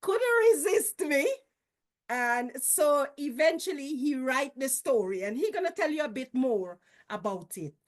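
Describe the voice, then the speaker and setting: A Guyanese woman with a high voice tells family tales in a lively, homely manner. Her Creole turns of phrase run all through her speech. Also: measured pace. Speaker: storyteller. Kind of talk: casual storytelling.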